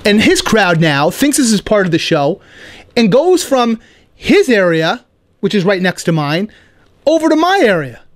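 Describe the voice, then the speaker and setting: Male podcast host, higher register, playful comic storyteller. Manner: animated, playful, quick asides like "right?". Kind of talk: casual storytelling monologue.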